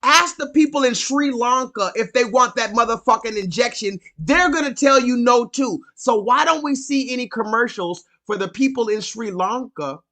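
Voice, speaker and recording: Profane ranting man with a bright voice. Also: extremely high pitch, normal speed, few pauses. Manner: emphatic, profane, repetitive storytelling. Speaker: live-stream host. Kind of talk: profane rant on a live call-in stream.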